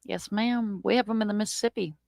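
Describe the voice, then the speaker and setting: A woman hosting a live chat, telling a story in a lively, swearing style and acting out quotes in a raised voice. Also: medium pitch, fast, vocal fry, no room sound. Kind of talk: casual storytelling.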